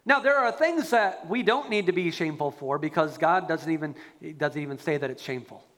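A man preaching a sermon as a pastor, animated and acting out quoted prayers. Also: on the high side, fairly quick, big-room sound.

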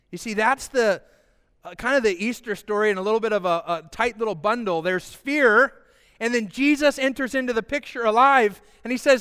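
A man preaching an Easter sermon as pastor, lively and calling the congregation to repeat after him. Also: extremely high pitch, brisk, clean tone. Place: church sanctuary with congregation. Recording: long hall reverb.

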